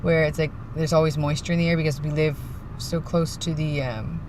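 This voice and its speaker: A vlogger from the East Coast talks to a phone camera from inside a parked winter car, chilled and short on sleep. The chat rambles loosely, at a mid pitch, and now and then drops into hushed, half-mumbled asides. A faint engine and car hum sits behind the voice. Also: flat delivery, brisk. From East Coast of Canada. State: cold and tired, yawning. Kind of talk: casual vlog chat.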